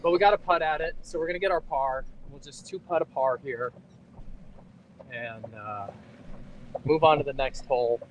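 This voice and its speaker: A man's voice: mid-range voice, normal speed, pauses often, lo-fi sound, a little hiss or hum. A man co-hosting a golf livestream outdoors on a rainy course, thinking aloud about each shot in casual chat. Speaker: golfer and co-host.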